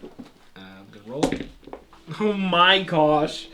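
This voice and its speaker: A man's voice: high-pitched, big pitch swings, slow, noisy background. A man playing a tabletop game as a player, laughing often and joking.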